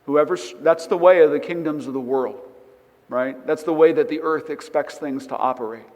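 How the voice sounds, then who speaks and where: A man's voice: fairly high pitch, normal speed, darkish tone. Man teaching a sermon, chatty, keeps saying right?, big echoey church sound. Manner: conversational, frequent "right?" tags. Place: church sanctuary.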